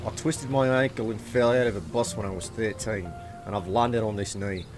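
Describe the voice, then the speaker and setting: A man streams a game live, chatting casually and thinking out loud as he plays, with game music in the background. His voice is lowish, his intonation fairly even, and he talks at a normal speed in a relaxed, rambling way.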